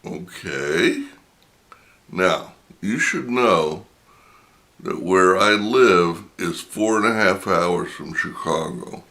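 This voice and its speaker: A middle-aged man, slowly telling a personal anecdote in a casual, drawn-out way. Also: deep voice, animated, gravelly, bright, forceful tone. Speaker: storyteller.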